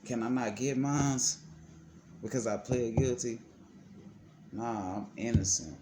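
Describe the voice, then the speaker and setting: Heated, profane man telling his story. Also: slow. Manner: heated, profane and emphatic, with wide pitch swings. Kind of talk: casual storytelling to camera. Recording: clear background noise.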